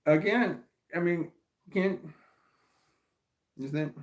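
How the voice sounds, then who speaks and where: A high-voiced American man reads his live chat aloud slowly, in an echoey room. His casual stream talk is rambling and profane, with frequent restarts.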